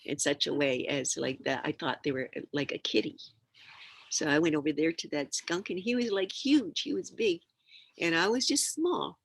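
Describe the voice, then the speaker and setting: An older woman sharing teachings as a storyteller, acting out the quiet hushing sounds and coaxing calls in her stories. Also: low voice, rough recording. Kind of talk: storytelling talk.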